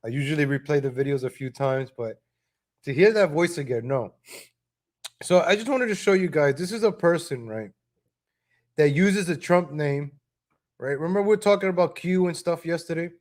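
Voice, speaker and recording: Brief: man, higher-pitched voice, casual live-stream host, chatty and scolding. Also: animated, normal speed. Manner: talks straight to viewers, scolding and chuckling; repeats himself with tag questions.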